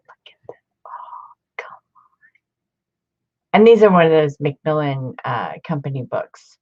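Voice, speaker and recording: A woman's voice: a bass voice, darkish tone, slightly rough, dull audio. A woman talking casually as she shows off books from her collection, chatty and gushing over each find. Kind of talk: casual vlog show-and-tell.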